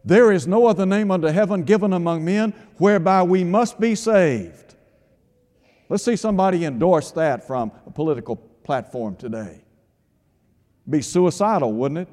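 A man's voice: sits high, darkish tone. A man preaching a radio sermon with emphatic delivery, asking rhetorical questions and quoting scripture. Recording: long hall reverb.

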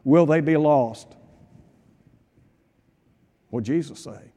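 A man preaching a sermon, firing emphatic rhetorical questions and dropping to hushed tones for weight. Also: a little high, slow. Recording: long hall reverb.

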